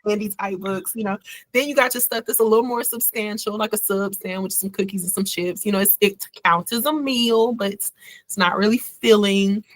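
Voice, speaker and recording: A woman's voice: mid-range voice, fairly even intonation, normal speed, dry recording. A woman hosting a book club over a video call, laid-back and joking in a folksy way. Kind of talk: casual chat.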